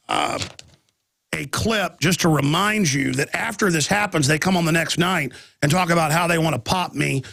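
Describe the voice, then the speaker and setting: A man's voice: on the high side, vocal fry, fairly bright tone, husky, no room sound, clean studio sound. A man hosting a talk radio show, rambling and agitated with many restarts, talking through a chest cold with coughing.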